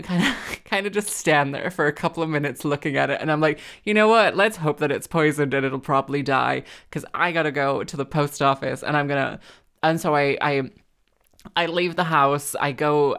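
A woman's voice: sits low, steady tone, normal speed, fairly bright tone. A young woman hosting a podcast, telling rambling, self-mocking stories in a chatty way with lots of ums and likes. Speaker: podcast host. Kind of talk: casual solo storytelling.

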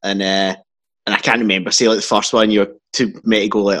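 A man telling a wry story in a deadpan way, as a podcast co-host. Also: fairly low pitch, fast. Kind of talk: casual banter.

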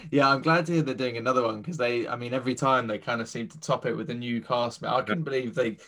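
A man's voice: medium pitch, fairly even intonation, fast, fairly bright tone. Eager male interview host. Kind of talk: casual interview chat.

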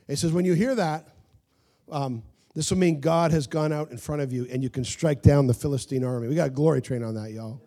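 A man preaching a sermon as pastor, telling stories with animated asides and laughs to his congregation. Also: on the high side, brisk.

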